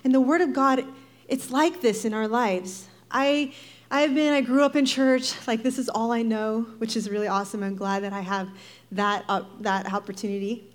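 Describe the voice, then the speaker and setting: Animated woman telling a sermon story. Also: on the high side, normal speed. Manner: animated, acts out quoted voices, laughs often. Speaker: speaker giving a devotional talk. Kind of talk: sermon-style personal storytelling.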